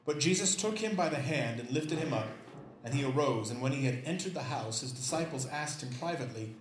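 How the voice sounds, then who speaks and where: A man leading a prayer, reading scripture aloud and preaching in a conversational, animated way with self-deprecating asides. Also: mid-range voice, brisk, noisy background. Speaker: pastor.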